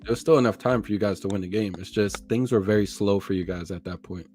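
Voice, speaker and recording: A man's voice: lowish voice, fast, darkish tone, soft background music. A man hosting a casual podcast chat, laid-back and calling people "bro". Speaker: podcast host.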